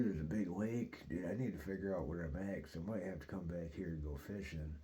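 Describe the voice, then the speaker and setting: Low, mellow-voiced man rambling casually. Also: a little fast, few pauses. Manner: profane, loose, peppered with "dude" and "like"; rambling and animated in retelling. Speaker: host.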